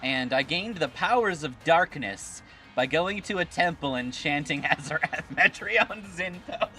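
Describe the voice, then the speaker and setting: A man's voice: a little high, expressive, unhurried, sharp tone, soft background music. A man streaming a game, joking around in casual banter and laughing often.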